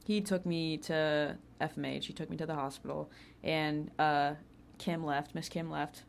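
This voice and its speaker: A woman's voice: low voice, steady tone, measured pace, creaky, a little hiss or hum. A young woman telling a personal story in a casual, chatty way, full of filler words and laughs. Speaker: podcast host.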